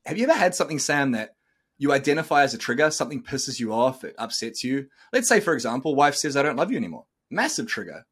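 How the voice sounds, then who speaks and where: A man's voice: medium pitch, big pitch swings, fast talker, fairly bright tone, husky. Blunt, swearing male podcast host. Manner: blunt, swears freely, coaching tone. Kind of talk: casual podcast talk.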